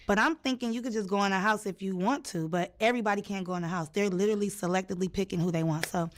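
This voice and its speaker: A young woman telling a story in a casual chat, animated and acting out the people she quotes. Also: mid-range voice, racing. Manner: animated, acts out quotes with sudden loud jumps. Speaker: storyteller in a clip.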